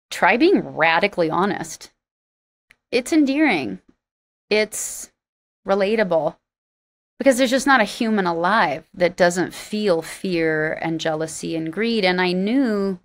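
A singer-songwriter woman, a guest in an interview, telling stories animatedly and laughing often. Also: medium pitch. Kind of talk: storytelling interview talk.

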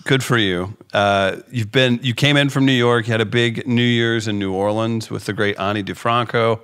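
A man's voice: fairly low pitch, fairly even intonation, normal speed, fairly bright tone, smooth. A man hosting a radio show, teasing and upbeat as he interviews a comedian. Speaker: radio host. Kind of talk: casual radio chat.

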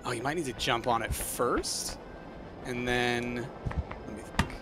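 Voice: medium pitch, a little slow, loud music behind the voice. A gamer guiding a friend through a co-op game, encouraging and laughing often. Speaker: gamer, guide. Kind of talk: casual co-op gameplay chat.

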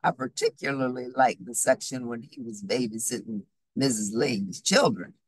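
A woman reading a children's storybook aloud in a lively, expressive way, then speaking to her audience. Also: extremely low pitch, normal speed, breathy edge, no room sound, low-quality recording. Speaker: storybook reader.

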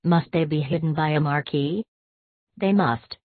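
A woman giving a measured, expressive audiobook reading of a classic short story. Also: deep voice, no room sound. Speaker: audiobook narrator. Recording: tinny, dry, phone-like sound.

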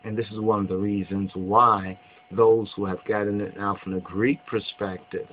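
A man's voice: lowish voice, little pitch movement. Rambling man teaching over tinny audio. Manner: rambling, repeats phrases, halting with many restarts. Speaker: religious studies teacher. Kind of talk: informal spoken lesson. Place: indoors on the East Coast of America. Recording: tinny phone-like audio with faint hum.

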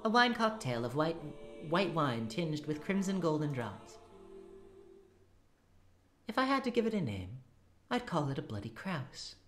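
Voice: mid-range voice, very animated, unhurried, long pauses, fairly bright tone, voice pushed up. A reader voicing a cruel, theatrical adult female witch who taunts and gloats grandly, with music behind. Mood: taunting.

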